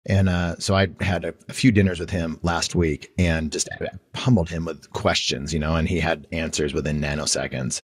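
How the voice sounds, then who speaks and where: A man's voice: very deep voice, flat delivery, moderate pace, hardly any pauses, husky, dry recording, studio quality. A man hosting a business podcast who talks in a reflective, conversational way and shares his own experience. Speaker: podcast host. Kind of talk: casual interview conversation.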